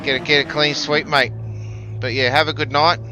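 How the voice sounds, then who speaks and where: A man's voice: fairly high pitch, fairly even intonation, moderate pace, highs cut off, noisy background. A man chatting casually with viewers while he streams a racing game. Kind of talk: casual live-stream chat. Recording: game music underneath. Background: racing game music and car engines.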